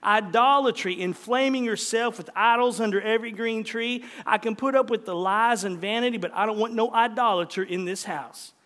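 A stern, self-righteous rural wife, as a preacher acts her out, scolding in a high, piercing voice. She sounds shrill and scornful, and her words ring through a long hall reverb. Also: animated, moderate pace, few pauses, a bit bright. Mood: furious.

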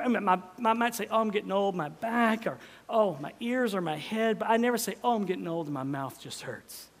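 A middle-aged man delivers a sermon in a high voice. He swings from loud exclamations to hushed, almost whispered lines. The sound carries the long reverb of a large church hall. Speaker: pastor. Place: church sanctuary.

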